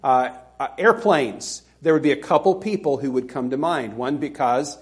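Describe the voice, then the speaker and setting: A man's voice: medium pitch, normal speed. A middle-aged man from Alabama preaching a sermon as a pastor, conversational and self-deprecating, with laughing asides.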